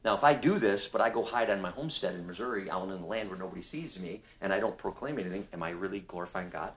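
A man preaching in conversation, insistent, often asking "ready?" and acting out quoted voices with big jumps in pitch. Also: quick pace. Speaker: street preacher.

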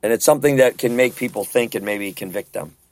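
Brief: man, mid pitch, earnest conversational Bible study leader, dry close recording. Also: fast, no echo. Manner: earnest, conversational, asks rhetorical questions. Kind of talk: casual Bible study discussion.

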